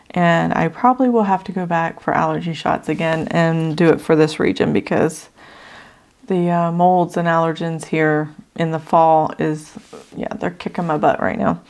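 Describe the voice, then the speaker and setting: A woman's voice: low-pitched, steady tone, normal speed, creaky, darkish tone. Woman talking through her budget math. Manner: thinks aloud while adding numbers, with fillers. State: out of breath from allergies. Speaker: budgeting channel host. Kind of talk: casual budget walkthrough.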